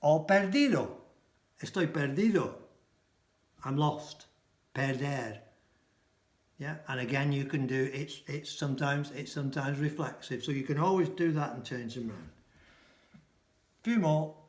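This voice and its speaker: Echoey man teaching everyday phrases. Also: medium pitch. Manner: explains phrases by repeating them slowly and translating. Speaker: language teacher. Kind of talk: casual language lesson. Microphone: camera mic.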